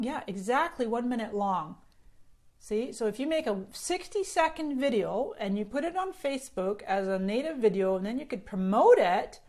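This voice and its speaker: A woman's voice: mid-range voice, a little mellow. Bubbly Scottish-Canadian woman live-streaming. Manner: bubbly, chatty, answers viewer comments. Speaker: social media marketing host. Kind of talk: casual live stream chat. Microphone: phone on a selfie stick.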